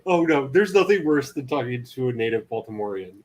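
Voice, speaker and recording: A man's voice: medium pitch, lively intonation, fairly quick. A man in casual chat, teasing his friends and telling long, rambling stories. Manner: teasing, rambling anecdotal storyteller.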